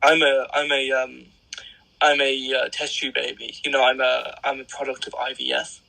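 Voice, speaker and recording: A young English man speaking as an interview guest, talking in a blunt, joking and animated way. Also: mid-range voice, normal speed, gravelly, rough recording. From England. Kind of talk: casual interview chat.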